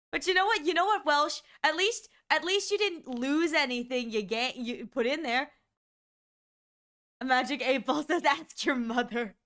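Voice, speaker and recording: A woman live-streaming, chatting casually to her viewers with excitable exclamations and frequent giggles. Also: high voice, unhurried, long pauses.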